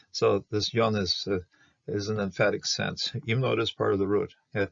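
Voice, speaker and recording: A man teaching a verse-by-verse Hebrew grammar lesson, explaining slowly with many fillers and restarts. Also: lowish voice, flat delivery, creaky, no room sound. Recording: dull, muffled dry recording.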